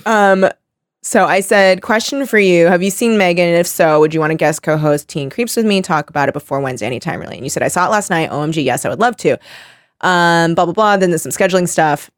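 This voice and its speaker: A woman hosting a podcast in a casual chat, animated and laughing often as she acts out quotes. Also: on the low side, quick pace, dry recording, studio quality. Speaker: podcast host.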